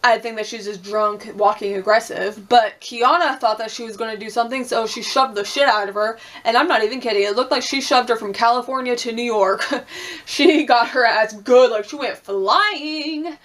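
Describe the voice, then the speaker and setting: A woman's voice: a little high, normal speed, a bit bright. Chatty young woman recapping reality TV. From Puerto Rican and Cuban heritage. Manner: chatty, swears freely, acts out quotes, laughs often. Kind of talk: casual recap chat.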